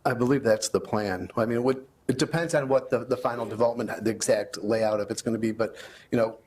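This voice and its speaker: A man runs a village board meeting, asking calmly for comments and explaining the planning process. His voice sits at an ordinary pitch, with faint room noise behind it. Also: fast talker. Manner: calm, plain, inviting speakers up. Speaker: meeting moderator. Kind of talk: public meeting moderation.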